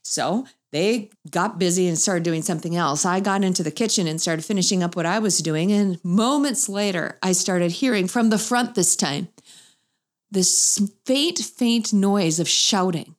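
A middle-aged woman, a mother, telling a humorous family story to an audience and acting out the voices she quotes. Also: a little slow. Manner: animated, acts out quoted voices with big pitch jumps.

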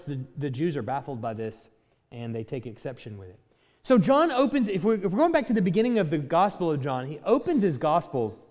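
Lively man teaching in a reverberant hall. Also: sits high. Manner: conversational, thinks aloud with fillers and self-corrections. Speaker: Bible teacher. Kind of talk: Bible class teaching with slides.

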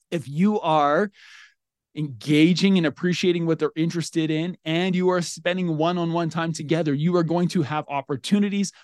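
A man, a podcast host, giving solo parenting advice in an earnest, coaching way and telling animated stories about his son. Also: on the high side, no room sound, studio quality. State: getting emotional.

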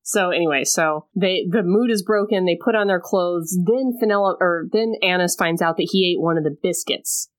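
Lower-voiced woman recapping a romance plot. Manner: retells the plot with quick voiced asides and laughs. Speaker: podcast co-host recapping a novel. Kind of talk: casual chat.

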